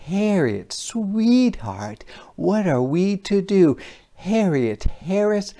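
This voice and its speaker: A man's voice: medium pitch, warm tone, voice pushed up. A man voicing an exasperated but loving mother of a little girl, pleading in a sing-song way.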